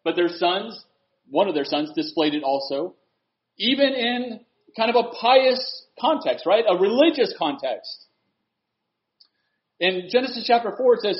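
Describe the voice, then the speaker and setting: A man preaching a sermon, swinging from loud, emphatic lines to hushed, earnest asides. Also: high-pitched, expressive, normal speed, dull audio.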